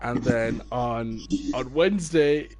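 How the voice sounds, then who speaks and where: Young man, football coach, casual chat, animated storytelling. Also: medium pitch, takes it slowly. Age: 20s. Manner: animated storyteller, acts out quoted people.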